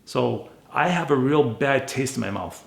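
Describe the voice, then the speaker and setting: A man with a gravelly, rough-edged voice tells a story casually and bluntly, acting out conversations as he goes. The sound is roomy, with a clear echo around him. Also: medium pitch, measured pace. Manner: blunt, animated retelling with quoted dialogue. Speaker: car flipper vlogger.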